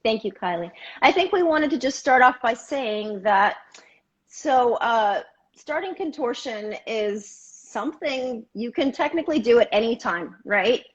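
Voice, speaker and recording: Upbeat woman coaching over a muffled video call, fairly high voice. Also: expressive, measured pace. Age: middle-aged. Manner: upbeat, giving clear advice. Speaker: co-host, contortion coach. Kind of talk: casual live-stream chat. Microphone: remote live video call.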